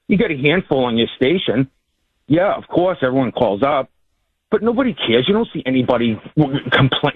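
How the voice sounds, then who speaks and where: A man's voice: fairly high pitch, breathy edge, no echo. Stammering male caller on a phone line. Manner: stammering restarts, insistent. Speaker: first-time caller. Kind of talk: radio call-in.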